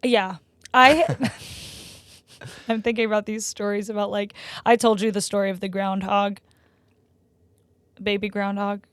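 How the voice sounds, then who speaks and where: A woman in her twenties co-hosts a podcast, chatting casually and telling stories animatedly, full of "like" fillers, and her voice gets loud and high when she's excited. She speaks a little slowly with long pauses, and there's no room sound.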